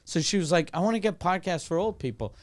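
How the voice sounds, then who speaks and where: A man's voice: high-pitched, expressive, fast talker. A man co-hosting a comedy podcast, telling loose, profane stories in casual chat. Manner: loose storytelling, swears freely. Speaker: podcast co-host.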